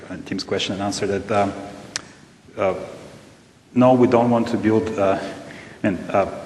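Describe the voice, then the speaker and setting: Male panelist with a Russian accent, halting delivery, low-pitched, recorded in a reverberant hall. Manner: halting, many fillers and restarts. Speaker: panelist, robotics company scientist. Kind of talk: panel discussion answer. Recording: echoey hall with faint rumble.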